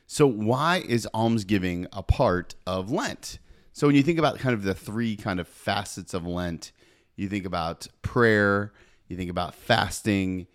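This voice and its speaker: A man's voice: fairly low pitch, dry recording. A man hosting a faith podcast in an upbeat, chatty way, talking straight to listeners and reading scripture aloud, on a studio podcast mic. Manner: upbeat, chatty, with frequent "right?" asides. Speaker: podcast host.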